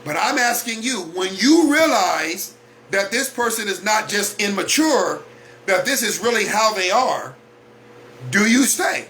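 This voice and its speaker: A man's voice: high voice, very animated, a little slow, sharp tone, slight background noise. A man hosting a weekly talk broadcast, speaking bluntly in a preachy monologue and hammering home repeated rhetorical questions.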